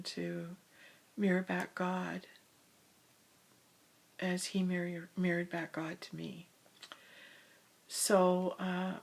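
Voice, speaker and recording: A woman with a somewhat low, gravelly voice shares a personal spiritual story. She speaks from the hall of her own house and drifts into soft whispers at times.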